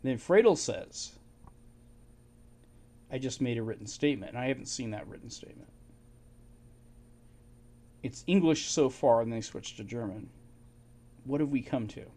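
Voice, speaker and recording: An amateur history narrator with an expressive, medium-pitched, mellow voice reads and retells old archive documents at a moderate pace, pausing often. He keeps it informal, with chuckling asides and fillers like "you know."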